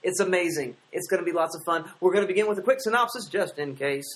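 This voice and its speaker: A man's voice: sits high, lively intonation, fast, fairly bright tone. A man hosting a film podcast, introducing segments in an upbeat, casual way. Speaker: podcast host. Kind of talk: casual chat.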